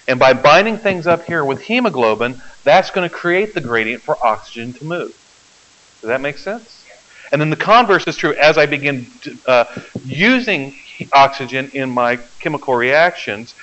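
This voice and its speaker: A man's voice: medium pitch, a bit bright. A man teaching a biology class, explaining step by step and often checking that the students follow. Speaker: biology lecturer. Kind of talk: classroom lecture. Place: lecture hall. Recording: dull lo-fi classroom recording.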